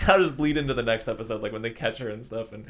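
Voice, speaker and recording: A man's voice: medium pitch, rapid-fire. Rambling man podcast host. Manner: rambling recaps full of "like" and "you know"; acts out quoted lines in shifting voices. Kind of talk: casual chat.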